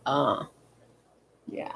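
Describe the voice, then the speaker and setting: A woman's voice: drawn-out words, a bit bright, whispered. A young adult woman vlogging in casual chat, rambling and swearing freely, with lots of fillers. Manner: rambling and profane, with frequent fillers.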